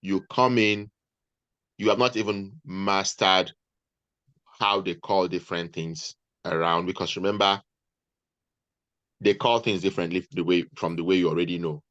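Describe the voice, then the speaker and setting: Man, very low voice, dry sound, measured and deliberate, video call. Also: fairly even intonation, fairly bright tone, dry recording, muffled recording. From Nigeria. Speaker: guest nurse. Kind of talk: advice talk on video call.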